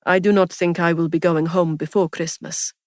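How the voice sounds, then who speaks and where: A woman's voice: on the low side, flat delivery, normal speed, darkish tone, no room sound, studio quality, lightly acted. A woman reading a story, voicing a polite, wistful young man who speaks formally without contractions. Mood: soft, wistful.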